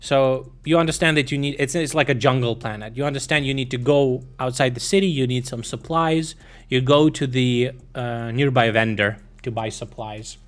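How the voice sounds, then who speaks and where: A man's voice: mid-range voice, normal speed. A man streaming, talking in a casual, meandering way with lots of swearing, fillers and restarts. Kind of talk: rambling casual stream chat.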